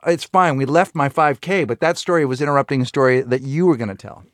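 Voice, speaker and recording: A man's voice: mid-range voice, fast talker, dry recording, clean studio sound. A man co-hosting a comedy podcast, spinning absurd, crude bits and laughing often. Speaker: podcast co-host.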